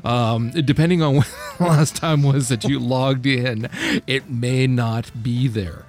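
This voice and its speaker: Male podcast co-host, animated pitch, ribbing and cursing, faint music underneath. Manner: teasing, swearing, quick to laugh. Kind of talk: casual gaming chat.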